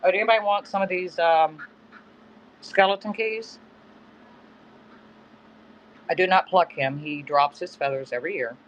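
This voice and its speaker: A man's voice: high voice, brisk, a bit bright. A middle-aged man hosting a live-stream auction from his home, chatting casually in a rambling, self-correcting way. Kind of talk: casual live-selling chat. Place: home in the woods. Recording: dull lo-fi phone stream with faint background noise.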